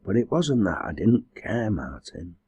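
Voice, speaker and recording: A man's voice: on the low side, very animated, a little slow, creaky, dark tone, breathy edge, no echo, dull audio, full character voice. Man voicing a faint, listless woman. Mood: weak. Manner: faint, mechanical. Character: young countrywoman, weak and listless.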